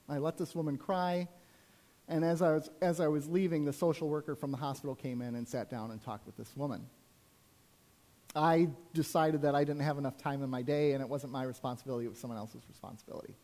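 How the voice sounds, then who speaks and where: A man's voice: on the high side, dark tone. A man preaching a sermon as a pastor, telling personal stories in a conversational way with frequent asides to the congregation.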